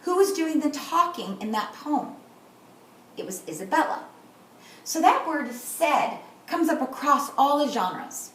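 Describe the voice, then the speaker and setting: A woman in middle age teaching kindergarteners at a whiteboard, slowly and deliberately modeling words and sounds. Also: high voice, animated, slight background noise. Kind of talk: teaching a class. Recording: echoey room, far from the mic.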